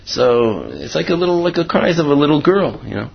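Husky guy rambling through a story, lots of fillers, voice bouncing all over, muffled lo-fi. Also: fairly high pitch, very animated, a little fast. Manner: rambling, many fillers, acts out quotes. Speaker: Torah teacher. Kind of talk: storytelling talk. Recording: dull lo-fi recording.

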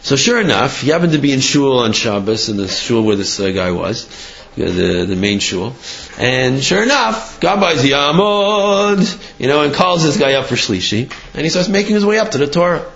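Lively man telling a story. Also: mid-range voice, normal speed, gravelly. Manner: lively, with frequent restarts and acted quotes. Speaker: storyteller teaching a class. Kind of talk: animated storytelling. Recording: muffled lo-fi recording.

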